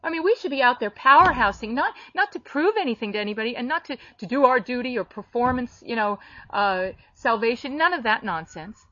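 A fairly high-voiced woman delivers a sermon, blunt and emphatic, with sudden sharp lifts when she voices others. The recording is dull and lo-fi, with a dry, close sound and no room around it. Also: expressive, a little fast, dry recording. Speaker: preacher. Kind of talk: sermon-style teaching.

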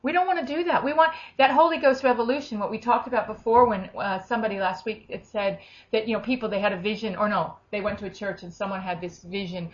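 Woman, mid pitch, prays and exhorts with lively swings, lo-fi recording. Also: quick pace. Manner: animated, breaks into tongues and acted quotes. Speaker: prayer minister. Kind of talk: charismatic prayer session. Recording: dull lo-fi recording.

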